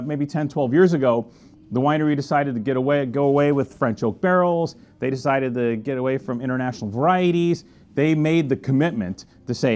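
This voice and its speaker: A man of middle pitch hosts a casual wine review, chatty and enthusiastic. He murmurs appreciatively as he tastes and talks in loose, friendly asides. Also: a little mellow. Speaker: wine merchant host.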